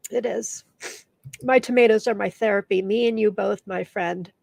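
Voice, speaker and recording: A woman's voice: medium pitch, fairly even intonation, moderate pace, creaky, a little mellow, dry recording. A middle-aged woman hosting a casual live stream, teary and emotional as she reads viewer comments aloud. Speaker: live show host.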